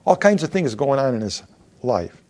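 A man's voice: medium pitch, big pitch swings, moderate pace, mellow. A man preaching a sermon in a mid-range voice. He reads scripture aloud, acts out the voices of the figures and keeps asking his listeners questions. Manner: asks the congregation questions. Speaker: pastor.

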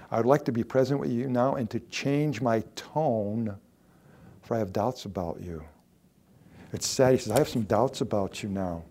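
A male pastor giving a conversational sermon, slowing down to stress key words, then closing in prayer. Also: lowish voice, mellow. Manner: conversational preaching with emphatic slow stresses.

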